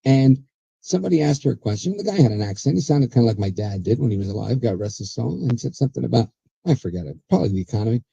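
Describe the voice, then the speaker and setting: A man's voice: mid-range voice, animated, fast, creaky, dark tone, husky, no room sound, highs cut off. A man hosting a political talk show, chatty and sarcastic, rambling with restarts. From USA. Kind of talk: casual political commentary.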